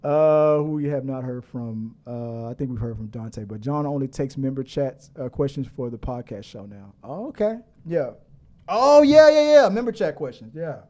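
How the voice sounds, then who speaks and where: A man's voice: medium pitch, normal speed. A middle-aged man hosting a casual live stream, laughing often and reading viewer comments aloud. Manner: laughing, animated, reads chat comments aloud.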